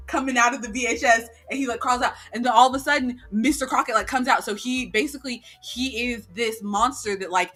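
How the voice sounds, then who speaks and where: A woman's voice: a little high, brisk, hardly any pauses, faint music behind. A woman co-hosting a casual chat podcast, retelling a story with lots of fillers and acted-out quotes. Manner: animated storytelling, acting out quotes. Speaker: podcast co-host.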